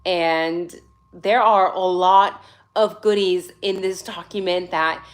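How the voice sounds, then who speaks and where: A woman's voice: fairly low pitch, fairly even intonation, slow. Sassy, chatty woman in her forties. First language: not English. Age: 40s. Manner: chatty, sassy, greets viewers by name. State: tired but caffeinated. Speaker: livestream host. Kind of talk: casual livestream chat. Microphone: phone.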